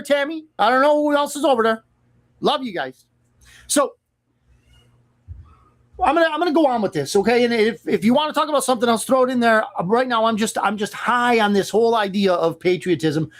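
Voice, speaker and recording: A host delivering an opinionated commentary monologue in a sarcastic, mocking and emphatic manner. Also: mid-range voice.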